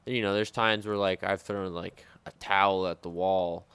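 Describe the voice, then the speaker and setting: A man's voice: sits low, fairly even intonation, moderate pace, fairly bright tone, clean tone, no echo. A man and former sous chef telling rambling, profane stories in a casual podcast chat. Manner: rambling, profane, heavy filler words.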